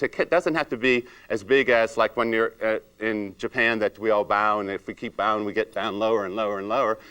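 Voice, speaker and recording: A man's voice: on the low side, smooth. A man leading a salon industry training seminar, acting out client chats and asking the room rhetorical questions. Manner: animated, acts out client chats in raised voice.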